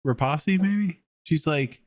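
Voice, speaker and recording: A man's voice: on the high side, takes it slowly, no room sound. A man co-hosts a podcast, swapping crude jokes in casual chat. He riffs off the other host with a mid-range voice. The recording is dry and close. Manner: crude, joking, riffs on the other host's stories.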